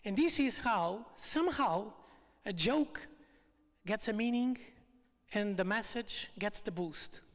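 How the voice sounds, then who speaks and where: A speaker telling a story at a live retreat evening, in lively, phrasing. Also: mid-range voice, takes it slowly. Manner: lively, non-native phrasing. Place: event hall. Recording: long reverb from a live hall.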